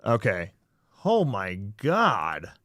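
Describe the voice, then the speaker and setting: A man hosting a casual livestream, ranting profanely about a failed stream, swinging from mutters to shouts. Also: lowish voice, huge pitch swings, drawn-out words, no echo, studio quality. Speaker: livestream host.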